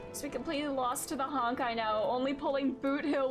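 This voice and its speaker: A woman's voice: high voice, moderate pace, few pauses. A young woman streaming a game, chatting casually and a bit sleepily, with many "like"s. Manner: chatty, lots of "like", laid-back and a little sleepy. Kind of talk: casual live-stream chat while gaming. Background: game music.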